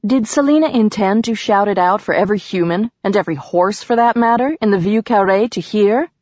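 A woman narrating a novel in an even storytelling manner. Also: medium pitch, fairly quick, no room sound, muffled recording. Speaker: audiobook narrator. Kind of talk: scripted narration.

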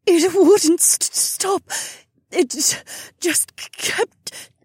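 A man's voice: very high-pitched, extremely slow, a little mellow, no echo, pitched above the performer's own voice, exaggerated voice. A man voicing a weak, faltering phoenix woman. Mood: shaken. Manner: faltering, stammering.

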